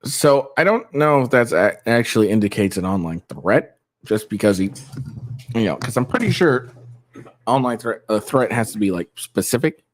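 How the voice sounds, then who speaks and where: A man's voice: medium pitch, animated, normal speed. A man giving casual, rambling reaction commentary, swearing often and thinking aloud with frequent restarts. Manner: thinks aloud, trails off quietly at times. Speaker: commentary streamer.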